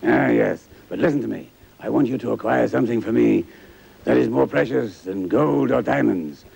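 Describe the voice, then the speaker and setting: A man's voice: mid-range voice, moderate pace, vocal fry, darkish tone, slightly rough, rough recording. An actor playing a greedy, gloating fat rich man in a comedy sketch, grandiose and theatrical. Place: TV studio before an audience. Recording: studio audience and noise behind.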